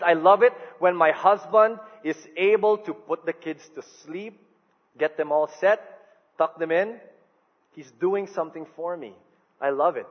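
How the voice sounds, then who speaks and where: A middle-aged man preaching a sermon, telling stories with animated delivery and sudden soft dips when he quotes someone. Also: sits high. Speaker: pastor. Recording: dull sound with long hall reverb.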